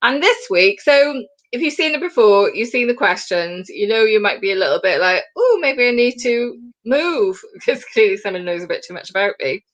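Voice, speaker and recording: A woman co-hosting a casual chat show over a video call, quick and joking. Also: mid-range voice, animated.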